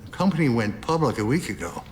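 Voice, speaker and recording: An actor playing a condescending corporate executive, in cold, dismissive film dialogue over a music score. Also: male voice, mid-range voice, big pitch swings, fast talker, big-room sound, background noise, close to an everyday voice. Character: condescending middle-aged male corporate executive. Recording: film clip with music underneath.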